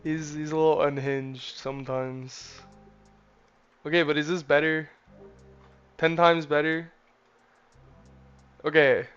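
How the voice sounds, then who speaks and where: A man's voice: on the high side, flat delivery, takes it slowly, pauses often, a bit bright, clean tone, lo-fi sound. A man chatting casually to his live-stream chat while coding a game, a little defensive. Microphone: desk mic, input gain changed. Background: faint music, room fan.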